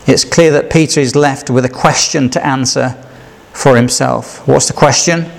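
A man's voice: mid-range voice, steady tone, normal speed, gravelly. A man giving a sermon in a conversational way, asking rhetorical questions and acting out the quoted lines. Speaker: preacher.

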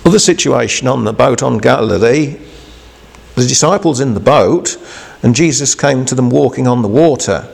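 A man preaching an informal devotional sermon, halting and conversational, often restarting and asking rhetorical questions. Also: medium pitch, animated, creaky, darkish tone.

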